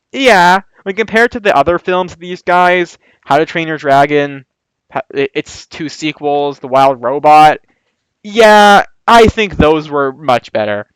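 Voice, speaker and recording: A man's voice: fairly high pitch, a bit bright, clean tone, no room sound, low-quality recording. A man giving casual film-ranking commentary, rambling and chatty, often correcting himself mid-sentence. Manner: rambling, chatty, self-correcting with quick laughs. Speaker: movie reviewer.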